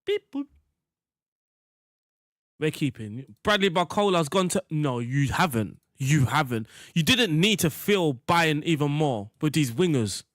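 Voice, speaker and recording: A man's voice: fairly high pitch, lively intonation, moderate pace, hardly any pauses, a bit bright, no room sound. Chatty young man, dry sound. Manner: rambling, jokey, talks to chat. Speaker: gaming streamer. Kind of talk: casual gameplay commentary.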